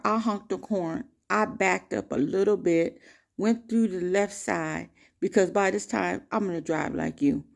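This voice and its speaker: A woman vlogger telling a personal story to camera in an emphatic, animated way. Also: fairly low pitch. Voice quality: gravelly.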